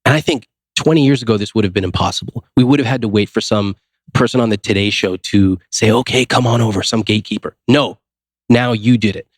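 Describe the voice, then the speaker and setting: Low-voiced man telling lively stories. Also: fairly quick, no room sound, studio quality. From United States. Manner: lively, acts out quoted dialogue, rhetorical questions. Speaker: podcast guest, finance author. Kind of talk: casual interview storytelling.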